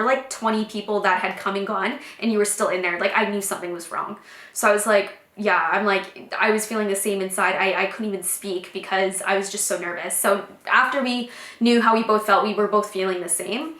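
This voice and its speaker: A young pregnant woman vlogging a casual story, emotional and pausing often for deep breaths. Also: sharp tone. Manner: emotional, breathy pauses, many fillers. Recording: echoey room.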